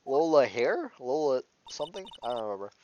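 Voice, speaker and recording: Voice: mid-range voice, very animated, fairly quick, a little mellow, a little hiss or hum. A let's play host giving casual, rambling commentary while playing a video game. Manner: rambling and offhand.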